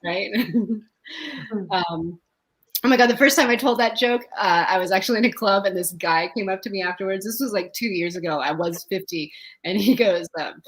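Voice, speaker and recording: A woman in her fifties doing a stand-up set, telling stories with deadpan punchlines and laughing often. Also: lowish voice, a little fast, a little hiss or hum, low-quality recording. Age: 50s. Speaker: stand-up comedian. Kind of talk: stand-up set, casual storytelling.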